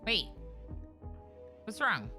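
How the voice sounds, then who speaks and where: A woman's voice: medium pitch, sing-song, very slow, bright, forceful tone, soft background music. A young adult woman streaming a game live, chatting with viewers and reacting aloud to the play.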